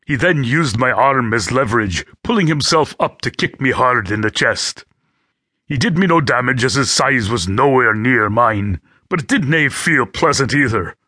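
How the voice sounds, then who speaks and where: Bright man narrating an audiobook. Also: medium pitch, expressive, moderate pace, no room sound, clean studio sound. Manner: gritty and vivid storytelling. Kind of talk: scripted first-person audiobook narration. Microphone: close studio mic.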